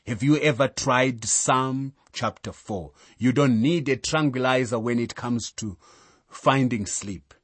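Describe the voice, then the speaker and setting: A man preaching a slow, measured sermon, reading scripture aloud and then explaining it. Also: mid-range voice, slightly rough, dry recording.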